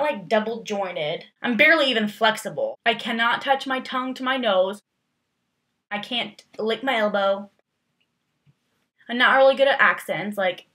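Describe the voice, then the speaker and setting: A woman's voice: medium pitch, pushed and bright. A young woman vlogging casually, rambling through tag questions with lots of fillers and playful, exaggerated emphasis.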